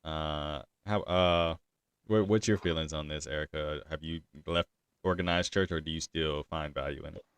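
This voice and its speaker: A man's voice: very deep voice, moderate pace, clean tone, dry recording. A man hosting a casual podcast chat, reading listener comments and asking guests questions. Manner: relaxed, reads listener comments. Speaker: podcast host.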